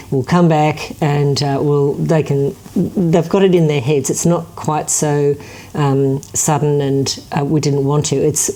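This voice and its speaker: A woman's voice: low-pitched, warm tone. A woman chatting in an interview, telling stories with many fillers and restarts. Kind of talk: casual interview talk.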